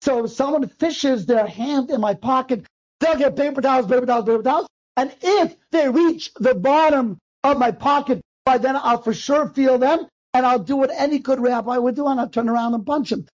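A man, a rabbi, telling a personal story to an audience and acting out the dialogue in quick, animated bursts. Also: very high voice. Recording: dull lo-fi recording.

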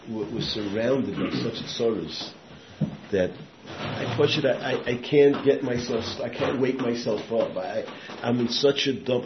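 A man giving a sermon with storytelling, dropping to hushed tones and rising to loud emphatic bursts, with Yiddish and Hebrew words mixed in. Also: mid-range voice. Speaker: rabbi giving a talk. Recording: echoey room, muffled sound, faint background noise.

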